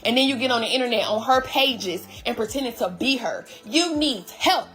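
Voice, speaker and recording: A woman's voice: on the high side, expressive, moderate pace, fairly bright tone, soft background music. A woman telling her story to viewers in a heated, blunt and profane way, casually addressing them directly. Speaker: vlogger recapping her relationship.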